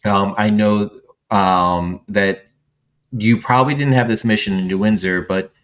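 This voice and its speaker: A man hosting an interview, asking questions in a relaxed, hesitant way and sharing his own memories. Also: on the low side, unhurried. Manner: relaxed, hesitant with fillers and brief laughs. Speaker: interview host. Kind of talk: conversational interview.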